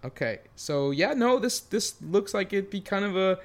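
A man's voice: sits high, animated, normal speed, shouting. A man co-hosting a comedy podcast, flustered and stammering through his lines. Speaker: podcast co-host. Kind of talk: comedy podcast chat and sketch.

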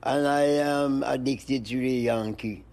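An older man, an interview guest, rambling in slow looping phrases and breaking into high-pitched animal noises. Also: steady tone, a little mellow. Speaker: interview guest, music producer. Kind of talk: rambling stream-of-consciousness chat.

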